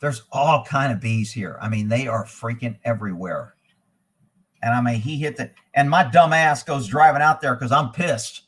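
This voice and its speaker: A man hosting a live show, telling a long profane story in a casual, animated way and quoting the people involved. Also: medium pitch, normal speed, husky. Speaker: host.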